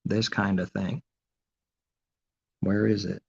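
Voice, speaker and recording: A man preaches an informal sermon in a deep, gravelly voice with a husky edge, firing off rhetorical questions and answering them himself. His tone turns mockingly sarcastic at times, and the recording sounds dull and lo-fi. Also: level tone, takes it slowly, a little mellow.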